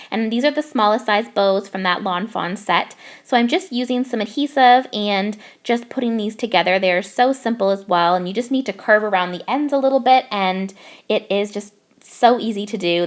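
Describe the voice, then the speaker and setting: A woman's voice: medium pitch, brisk. A young woman from Canada narrating her craft process in a bubbly, gushing way. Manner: bubbly, gushing over cute details. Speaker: craft YouTuber.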